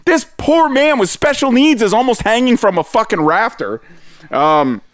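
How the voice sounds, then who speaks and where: High, lively-voiced man telling a wild story. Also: normal speed, no room sound. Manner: animated, swears freely, acts out other people's voices. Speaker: podcast co-host telling a story. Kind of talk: casual comedic storytelling.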